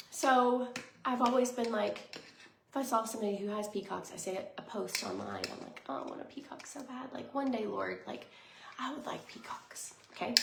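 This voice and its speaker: A woman in her thirties talks in a casual vlog, bubbly and rambling, full of fillers, and sometimes dips into soft whispers. Her voice has a touch of vocal fry. The room is echoey, with a faint hiss behind her. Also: mid-range voice. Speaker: lifestyle vlogger.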